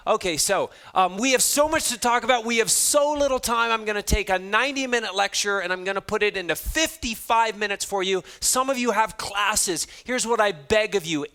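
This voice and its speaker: A motivational speaker addressing a hall of students, a man with a high, light voice. He tells his stories in an animated way and plays out every line of dialogue, poking fun at himself as he goes. His tone stays bright and ringing. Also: brisk, hardly any pauses, smooth. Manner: animated, acts out dialogue, self-deprecating humor. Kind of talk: storytelling keynote talk to students.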